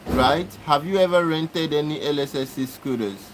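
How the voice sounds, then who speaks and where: A man hosting a live stream, talking back to his chat and repeating himself as he lectures and argues. His voice sits fairly high for a man, with a faint hiss of background noise. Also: moderate pace. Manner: argumentative, repetitive, exasperated lecturing. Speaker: livestream host. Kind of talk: live-stream talk answering chat comments.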